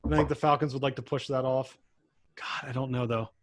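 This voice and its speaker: A man's voice: mid-range voice, steady tone, brisk. A young man co-hosting a casual sports talk show, laughing often as he runs through the week's picks. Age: young adult. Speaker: co-host.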